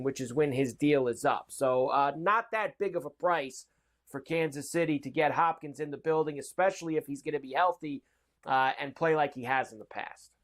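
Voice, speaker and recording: An upbeat man hosts a sports betting talk show, running through trade news and point spreads. His voice sits a little on the high side, and he fills the gaps with "uh". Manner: upbeat, reads odds and news, many uh fillers.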